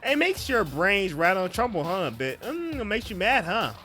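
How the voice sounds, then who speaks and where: A man voicing a mocking, sadistic male robot bear headmaster in a video game, taunting loudly. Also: high voice, steady tone, fairly quick, faint music behind, voice pushed up. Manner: taunting, loud and sneering.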